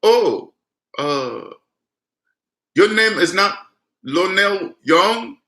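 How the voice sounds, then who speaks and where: A man's voice: sits high, expressive, extremely slow, pushed and bright, voice pushed up, heavily acted. A man putting on a pushy phone scammer voice. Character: pushy male phone scam caller. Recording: roomy echo.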